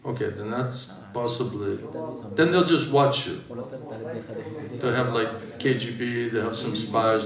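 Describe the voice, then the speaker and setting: A man's voice: medium pitch, a little slow, roomy sound, far from the mic, a crowd in the background, rough recording. A man giving a spiritual discourse in a joking, conversational way, often asking his audience "right?". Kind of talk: sermon. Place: temple hall with audience.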